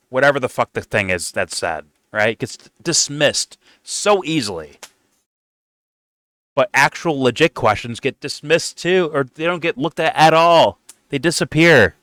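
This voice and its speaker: A man in his middle pitch range rants through casual reaction commentary, swearing freely and restarting his sentences as he goes. The sound is dry and close, with no room around it. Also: measured pace, no room sound. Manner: profane, rambling, animated ranting with frequent restarts. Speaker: podcast co-host reacting to an interview.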